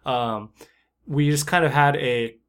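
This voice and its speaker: A man co-hosting a casual talk show who lives abroad as a teacher. His voice has an ordinary middle pitch. He tells stories in a laid-back way, padding them with filler words. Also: slow pace, clean tone. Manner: relaxed storytelling, many filler likes. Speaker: podcast co-host; expat teacher in Korea. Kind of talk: casual chat.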